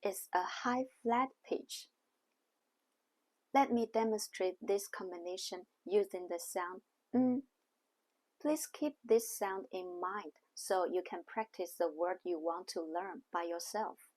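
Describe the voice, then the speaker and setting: A woman teaching a language lesson in a scripted way, speaking slowly and carefully and demonstrating sounds one at a time. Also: fairly low pitch. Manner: slow, careful, demonstrating tones on single syllables.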